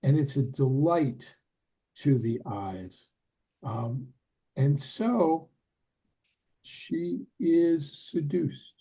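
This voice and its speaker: An older man teaching a relaxed, conversational Bible lesson, with asides and soft laughs. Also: on the high side, very slow, long pauses, husky, rough recording. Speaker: Torah teacher.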